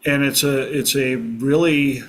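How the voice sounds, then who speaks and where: Man, talk host, slow unhurried delivery, reflective, pauses for words. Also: medium pitch, fairly even intonation. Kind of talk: casual group discussion.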